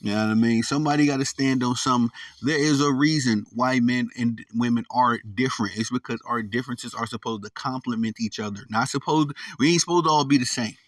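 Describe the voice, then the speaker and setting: A man hosting a podcast, ranting with slangy, animated commentary and stumbling repeats when heated. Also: medium pitch, brisk, no echo, distant mic. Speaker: podcast host. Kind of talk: opinionated commentary rant.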